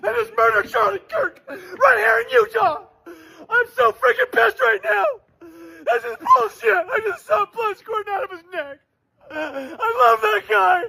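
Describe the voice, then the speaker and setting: A man crying and shouting in fury, recording himself in a car while driving. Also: very high voice, a little slow, creaky, low-quality recording. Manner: shouting, furious. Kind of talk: ranting selfie video.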